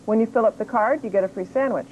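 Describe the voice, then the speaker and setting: An actress playing a patient, friendly sandwich shop cashier explaining things to a customer in a training video. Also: female voice, on the high side, fast, phone-quality sound, a little hiss or hum, close to an everyday voice. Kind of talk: scripted training video acting.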